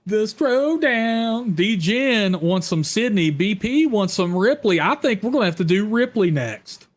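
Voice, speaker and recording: A man hosting a live horror chat stream, loud and teasing, with shouted bursts. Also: high voice, expressive, a little slow. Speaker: host.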